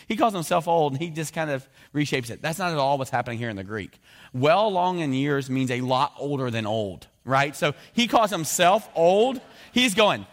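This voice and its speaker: Lively man preaching, jokes a lot, acts out voices mid-sermon. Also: on the high side, normal speed. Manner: animated, jokey, acts out voices of biblical figures. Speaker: pastor.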